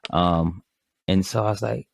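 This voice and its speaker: Deep-voiced rambling podcast host. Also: male voice, a little slow, vocal fry, dry recording. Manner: rambling, hesitant, many fillers and restarts. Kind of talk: casual podcast interview.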